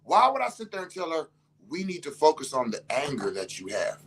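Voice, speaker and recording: Animated, profane man telling a story. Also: medium pitch, slight background noise. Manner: animated, profane, acts out quotes. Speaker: healer and host. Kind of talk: casual storytelling talk. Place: house, indoors.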